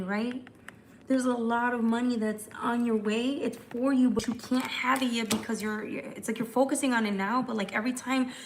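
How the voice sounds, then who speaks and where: Chatty female tarot reader, live stream, rushing, faint background noise. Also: on the high side. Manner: chatty, fast, repetitive restarts. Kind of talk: live tarot forecast reading.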